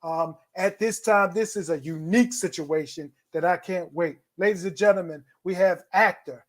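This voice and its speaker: A man in his fifties hosts a virtual telethon with an upbeat, encouraging delivery. His voice sits fairly high for a man. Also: normal speed. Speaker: host.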